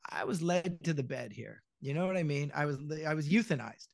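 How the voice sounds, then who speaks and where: Animated middle-aged man telling stories. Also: on the high side, a little fast, vocal fry, a little hiss or hum. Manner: animated storyteller, acts out quotes, swears freely. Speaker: podcast guest, voice actor. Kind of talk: casual podcast chat.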